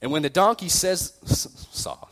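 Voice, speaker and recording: A man's voice: high-pitched, lively intonation, moderate pace, a bit bright. A young male youth pastor preaching a sermon by retelling a story in a casual, self-deprecating way. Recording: long reverb in a hall.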